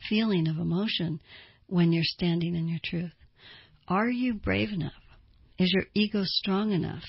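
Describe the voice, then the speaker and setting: A woman's voice: on the low side, vocal fry, slightly rough, no echo. A woman therapist giving advice in an earnest way, asking listeners pointed rhetorical questions. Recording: dull lo-fi dry recording.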